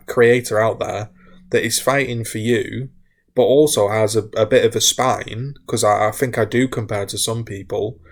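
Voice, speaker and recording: A man, a gaming content creator, talking candidly to his viewers, wound up and frustrated, rambling with repeated restarts. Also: on the low side. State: wound up, hiccuping. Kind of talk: candid talk to camera.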